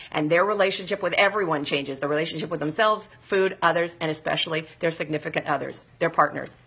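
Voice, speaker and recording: A middle-aged woman talks straight to her listeners in a live motivational talk, pausing often to check they follow. Her voice is bright and forward, with a husky edge, and sits a little low for a woman. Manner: direct, coaching, with frequent check-ins to listeners. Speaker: weight-loss counselor hosting a live show.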